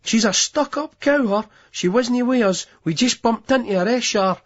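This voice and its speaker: A man's voice: very high voice, moderate pace, voice pushed up. A man reading an audiobook voices a blunt, gossipy young woman, in a dull lo-fi recording. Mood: mouthy. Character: young Scottish woman, mouthy clubber.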